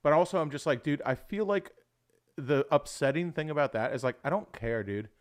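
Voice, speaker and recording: A young adult man hosts a livestream in a slightly high, expressive voice, talking a little fast. He rambles casually and at length, swears often, and keeps calling people "dude".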